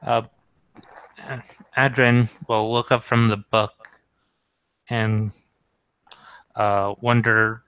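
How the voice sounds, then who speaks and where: Player, man, crisp bright voice, slow deliberate delivery, dry sound. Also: lowish voice, level tone, no room sound, low-quality recording. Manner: deliberate, narrates his character in third person. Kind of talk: casual tabletop game play.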